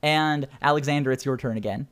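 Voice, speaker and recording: A man narrating a tabletop role-playing game as game master, animated and quick to laugh. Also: mid-range voice, clean tone.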